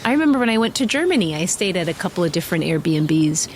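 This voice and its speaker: A woman's voice: fairly low pitch, big pitch swings, a little hiss or hum. A woman guest on a podcast, chatting casually and laughing easily. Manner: laughs easily, slow and lilting. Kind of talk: casual chat.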